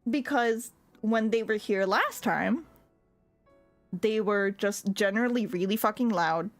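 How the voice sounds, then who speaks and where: A woman's voice: medium pitch, measured pace, faint music behind. A young woman telling a story in casual chat, laughing often and filling her talk with "like.". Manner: animated, laughs often, lots of "like" fillers; swears when annoyed. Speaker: streamer.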